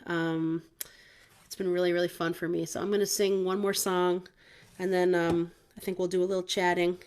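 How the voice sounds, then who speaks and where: A woman's voice: on the low side, level tone, normal speed, clean tone. A woman musician speaking casually and reflectively between songs, with frequent ums, from outdoors in the woods. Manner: soft, reflective, with many ums.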